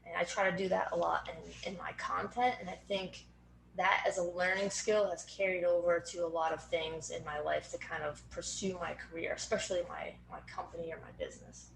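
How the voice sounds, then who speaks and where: A woman's voice: fairly low pitch, fairly even intonation, fairly quick, gravelly. A woman in her thirties with a Boston accent, a strength coach talking earnestly as an interview guest, with plenty of fillers. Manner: earnest, organized, frequent fillers. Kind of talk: casual interview conversation. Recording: roomy echo with faint background noise.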